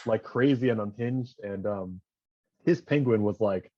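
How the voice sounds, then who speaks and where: A man's voice: lowish voice, unhurried, dark tone, dry recording. A man talking casually as a podcast guest, loosely and with lots of "like". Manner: loose, filler-heavy speech with lots of "like". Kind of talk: casual chat. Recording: dry, dull lo-fi sound.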